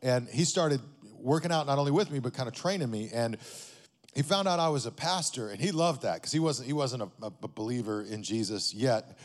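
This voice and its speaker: A man's voice: medium pitch, lively intonation, brisk, long reverb tail. A man, a pastor, telling a story in a sermon in a conversational way, often checking in with his listeners.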